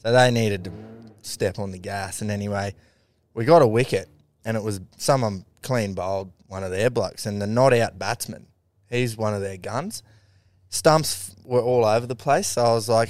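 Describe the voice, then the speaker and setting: A man's voice: on the low side, moderate pace, darkish tone, no room sound. A young Australian man co-hosting a podcast, telling a rambling sports story with plenty of swearing. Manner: laddish storytelling, swears freely. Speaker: podcast co-host. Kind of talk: casual chat.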